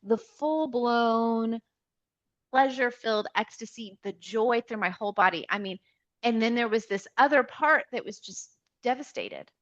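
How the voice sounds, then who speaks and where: A woman's voice: a little high, moderate pace, dull audio. Woman telling her story with emotion. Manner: animated, emotional, with many restarts. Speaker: podcast guest. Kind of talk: personal storytelling in a conversational interview.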